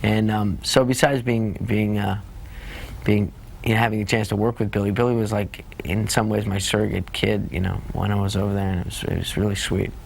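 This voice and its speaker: Man, actor interview, fond, halting, gravelly, monotone, faint noise behind. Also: on the low side. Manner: halting, fond, full of restarts. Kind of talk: making-of interview.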